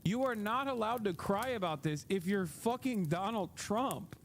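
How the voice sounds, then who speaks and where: A man's voice: sits high, animated, moderate pace, a little hiss or hum. A man hosting a livestream, giving casual commentary in a heated, profane rant, often laughing. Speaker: livestream host.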